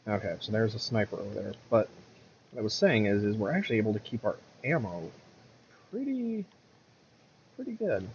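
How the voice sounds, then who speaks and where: A man's voice: on the low side, fast talker, vocal fry, highs cut off, a little hiss or hum. A man giving casual, rambling commentary over his gameplay, correcting himself often and muttering at the game, with the hiccups. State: has the hiccups.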